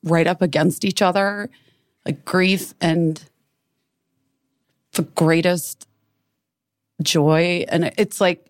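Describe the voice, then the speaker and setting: A woman's voice: fairly low pitch, steady tone, slow, long pauses, no echo, clean studio sound. A woman co-hosting a podcast, talking in a rambling, emotional way and searching for her words. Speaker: podcast co-host. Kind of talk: casual podcast chat.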